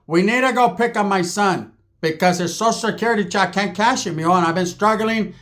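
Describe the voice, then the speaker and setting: A man's voice: high-pitched, brisk, a bit bright, voice pushed up. A man doing a whiny, fussy middle-aged auntie. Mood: whiny insistent.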